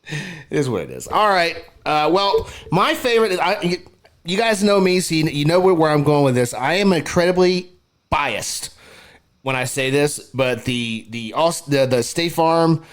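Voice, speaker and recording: A man hosting a casual sports podcast, relaxed and chatty, who laughs often. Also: on the high side, normal speed. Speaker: podcast host.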